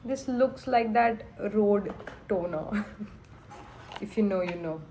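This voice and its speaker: A woman's voice: mid-range voice, slow pace, dark tone, slight background noise. A young woman with an Indian accent, congested from a cold, chatting casually in a vlog and slipping into Hindi phrases. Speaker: vlogger.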